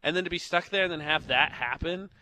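A man's voice: on the high side, brisk, bright, forceful tone, a little hiss or hum. A young man hosting a morning radio show, telling stories in a joking, chatty way from the studio. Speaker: radio host. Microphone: studio mic.

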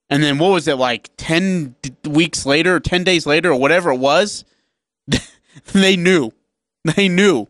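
A man co-hosting a sports radio show, telling game stories in a lively, casual way. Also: fairly high pitch, unhurried, dry recording, studio quality. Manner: animated storytelling, acts out players.

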